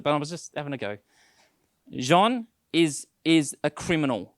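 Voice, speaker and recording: A man's voice: a little high, fairly quick, dry recording. A male pastor preaching a sermon, telling stories with acted-out quotes, often repeating words as he starts sentences.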